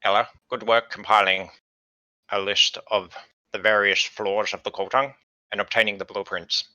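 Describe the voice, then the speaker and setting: A man with a low but bright, forceful voice runs a tabletop game as the game master. He explains at an easy pace, with plenty of ums. The close, dry mic sounds a little dull and lo-fi. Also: normal speed, dry recording. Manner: relaxed, explaining with fillers.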